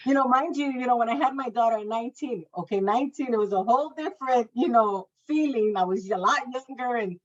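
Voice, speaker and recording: A woman's voice: a little high, fast talker, few pauses. A woman sharing a personal testimony of faith in casual talk, telling it with feeling and acting out the words of the people in her story. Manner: emotional storytelling, acts out quoted speech; faith-filled, speaks of God. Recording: dull lo-fi audio.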